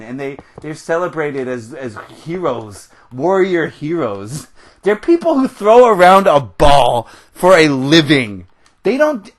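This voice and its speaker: A young American man hosting a gaming video, ranting in a heated, rambling way while he plays, often laughing. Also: fairly high pitch. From United States. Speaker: gaming channel host. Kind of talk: ranting commentary over gameplay.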